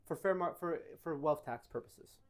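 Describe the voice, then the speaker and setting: A man giving casual Q&A answers to a live audience, telling animated stories and correcting himself as he goes. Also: on the high side, moderate pace. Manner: animated storytelling, self-correcting. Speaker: tax advisor speaker. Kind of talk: casual Q&A talk.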